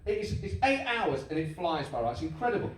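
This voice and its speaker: Animated stand-up comedian. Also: male voice, fairly high pitch, fairly quick. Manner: animated, mimics voices and accents for laughs. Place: live venue with audience. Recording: echoey live room, mic heard from a distance.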